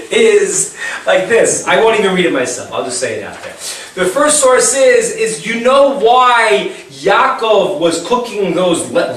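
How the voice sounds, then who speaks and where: A man teaching an informal Bible class, retelling the story in a chatty way and asking rhetorical questions. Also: sits high. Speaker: Torah teacher. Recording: very echoey room, far from the mic, faint hiss.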